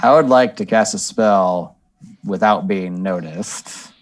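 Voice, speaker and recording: A man playing a tabletop game, calmly describing the spell he casts. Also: deep voice, takes it slowly. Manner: matter-of-fact, describing his actions. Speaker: player.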